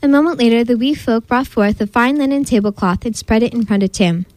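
A woman reading a storybook aloud as host, her voice on the higher side. She narrates expressively, and the recording is dry and close. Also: a little fast, darkish tone, no echo. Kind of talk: reading a picture book aloud.

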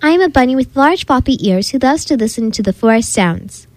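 A woman doing a shy little bunny, soft and wondering. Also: high voice, lively intonation, brisk, no echo, low-quality recording. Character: small shy male bunny, hopeful and curious.

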